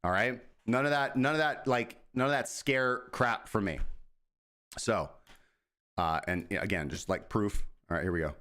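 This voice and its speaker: A man's voice: fairly low pitch, moderate pace, sharp tone. Male crypto show host, casual and profane, rambling and self-deprecating. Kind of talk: casual market commentary.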